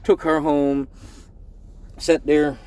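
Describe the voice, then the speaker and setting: A man's voice: fairly high pitch, extremely slow, clean tone. A middle-aged man, hosting a live stream and telling a profane story in a casual way, acting out the voices in it. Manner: animated, profane, acts out voices in his story. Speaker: live show host.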